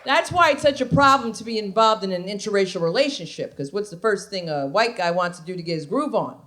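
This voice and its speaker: A woman's voice: mid-range voice, expressive, quick pace, fairly bright tone. A woman comedian performing a stand-up set on a comedy club stage, sassy and conversational with punchy delivery.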